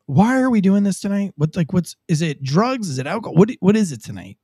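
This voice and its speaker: A high, husky male voice with lively, swooping pitch, talking in a casual, profane way. He is a former cop hosting a live stream and mocking the footage by acting out voices. The sound is dry and close. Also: fairly quick, dry recording. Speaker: podcast host and former cop. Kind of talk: casual live commentary on body camera footage.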